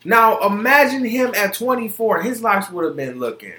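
A young man hosts his own podcast in a heated, profane rant. His voice sits high and sounds bright and forceful. The recording carries a roomy echo. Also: animated, moderate pace. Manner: heated, profane, emphatic, repeats himself. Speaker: podcast host. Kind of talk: solo opinion podcast rant.

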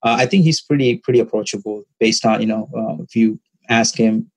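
A man whose first language is Tamil, a podcast guest talking casually and haltingly, with lots of fillers. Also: fairly low pitch, rough recording. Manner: relaxed, halting, many fillers. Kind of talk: casual interview talk.

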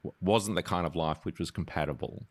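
A man hosts an interview in a very low voice. He keeps his guest going with steady affirmations and sums up the guest's story before asking the next question. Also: fairly quick. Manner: encouraging, frequent affirmations. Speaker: podcast host. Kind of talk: conversational interview.

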